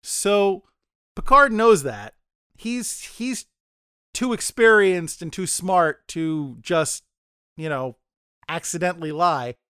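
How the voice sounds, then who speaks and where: A man's voice: high-pitched, lively intonation, takes it slowly, a bit bright, clean tone, dry recording, clean studio sound. A man co-hosting a casual podcast discussion, rambling and often stammering as he restarts his sentences. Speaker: podcast co-host.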